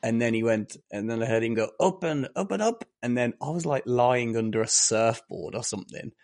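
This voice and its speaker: A man's voice: mid-range voice, steady tone, fairly quick, a little mellow. A man telling a story in casual chat, animatedly acting out the lines of the people in it.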